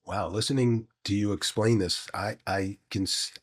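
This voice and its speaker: A man's voice: on the low side, steady tone, normal speed. A man hosting an interview, speaking in an admiring, conversational way with loose, rambling phrasing before his question. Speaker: host.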